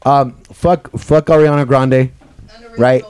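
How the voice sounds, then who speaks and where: A young man hosting a podcast, ranting loudly and rambling in casual, profane chat. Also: mid-range voice, steady tone, takes it slowly, smooth. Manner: loud, profane, rambling rants. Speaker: podcast host.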